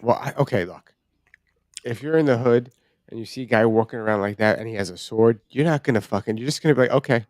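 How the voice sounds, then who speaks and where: A man's voice: medium pitch, quick pace, a little mellow. Podcast guy rambling, swearing, mid voice, super casual. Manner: rambling, profane, laughing loosely. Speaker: podcast host. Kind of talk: casual comedy chat.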